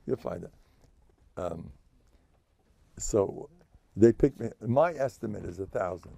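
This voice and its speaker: An older man a gravelly voice, a rabbi giving an informal lecture, joking, boastful and self-mocking. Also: on the low side, expressive, takes it slowly, dark tone, no echo. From United States.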